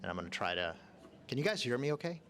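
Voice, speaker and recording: A middle-aged man answering a question on a panel, earnest and speaking up in a loud projecting voice. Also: medium pitch, very animated, quick pace. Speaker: hospital leader on a panel. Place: event arena.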